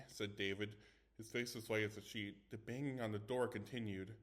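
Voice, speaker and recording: A man's voice: lowish voice, steady tone, normal speed, a bit bright. A man reading a scary story aloud in first person, dramatic, with small stumbles. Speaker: story reader.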